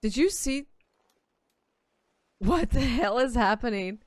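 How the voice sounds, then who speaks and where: A woman streaming a game with casual live commentary, excitable, swearing freely and laughing often. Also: a little high, takes it slowly, no echo, clean studio sound.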